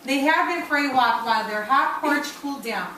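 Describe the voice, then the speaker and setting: A high-pitched woman leads a classroom story time, stopping often to ask the children questions. She sounds distant in an echoey room, with noise around her. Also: brisk, sharp tone. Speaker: teacher. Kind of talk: reading a story aloud to a class. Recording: echoey classroom from far off, noisy.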